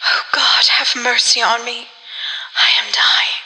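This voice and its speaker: A woman's voice: fairly high pitch, moderate pace, sharp tone. A woman voicing a fragile, timid woman who speaks fearfully and pleads. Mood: terrified. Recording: long reverb.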